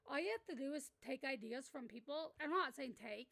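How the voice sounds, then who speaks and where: A woman streaming as a VTuber, chatting casually with her viewers, excitable and swearing freely with loud outbursts. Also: high voice, fairly quick, gravelly, few pauses. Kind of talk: casual live-stream chat.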